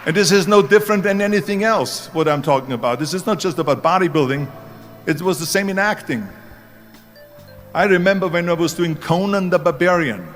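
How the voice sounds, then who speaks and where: A man's voice: high-pitched, a little fast, a bit bright, faint music behind. A man in his seventies with a German accent, giving a motivational speech as emphatic storytelling that leans hard on key words. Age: 70s. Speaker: speaker.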